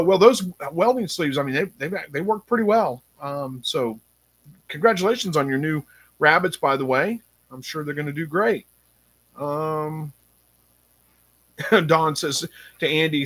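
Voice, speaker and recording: A man's voice: fairly high pitch, lively intonation, measured pace, a bit bright, breathy edge. Chatty man reading chat. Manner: chatty, thinks aloud with many ums. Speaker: livestream host reading chat. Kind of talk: casual live-stream chat.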